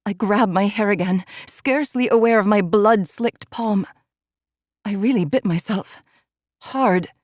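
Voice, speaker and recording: A woman narrates an audiobook in the first person at an unhurried pace, her reading intimate and emotionally charged. The recording is close and dry, with no room sound. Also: medium pitch, a little mellow, no room sound.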